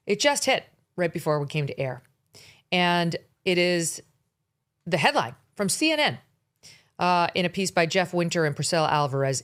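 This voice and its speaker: Woman, middle-aged, talk show host, blunt, sarcastic, lowish voice. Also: expressive. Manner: blunt, sarcastic, fast-moving commentary. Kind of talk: opinionated talk show monologue.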